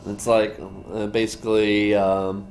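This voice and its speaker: A man's voice: on the low side, level tone, a little slow, a little mellow, a little hiss or hum. A man co-hosting a live stream in casual chat, rambling and hedging with lots of fillers.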